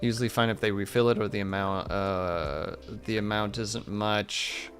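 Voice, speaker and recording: A man's voice: on the low side, steady tone, moderate pace, fairly bright tone, faint music behind. A man streaming, chatting casually and reflectively with viewers, rambling with many fillers.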